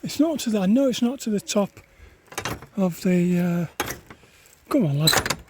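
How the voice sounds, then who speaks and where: A man's voice: high voice, animated, moderate pace, heavy background noise. A man vlogging as he hikes outdoors, out of breath and rambling to himself as he grumbles about the climbs. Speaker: hiker vlogger. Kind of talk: walking vlog commentary. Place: outdoors on open moorland.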